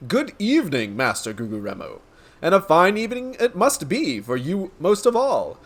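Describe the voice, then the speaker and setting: A man reading game dialogue aloud as a pompous, grandiose gentleman inspector with flowery, theatrical speech. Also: high-pitched, wildly swooping pitch, normal speed, pitched above the performer's own voice, exaggerated voice.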